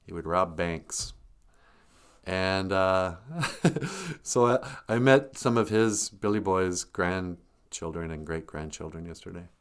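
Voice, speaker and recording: A man's voice: deep voice, slow, smooth. An older man hosting a casual livestream, greeting viewers and telling joking stories with frequent chuckles. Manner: joking, storytelling, chuckles often. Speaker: livestream host.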